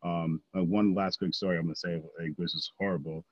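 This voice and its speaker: A man's voice: sits low, fairly even intonation, a little fast, dry recording, muffled recording. A man co-hosting a podcast, talking earnestly in a casual discussion, with lots of fillers and restarts. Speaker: podcast co-host.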